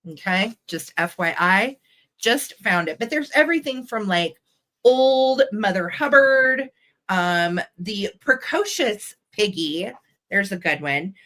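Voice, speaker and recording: A woman's voice: mid-range voice, lively intonation, slow pace, fairly bright tone. A woman in a mid-range voice hosting a live online vintage sale. She talks about each item in a chatty, enthusiastic way, with frequent filler ums. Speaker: host and vintage seller. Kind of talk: live online sales show.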